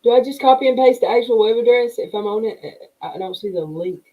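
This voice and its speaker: A woman's voice: fairly high pitch, fast, mellow, rough recording. Woman, casual livestream chat, rambling, laughs a lot. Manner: rambling, self-interrupting, laughs often. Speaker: livestream host. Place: home room with wall TV monitors.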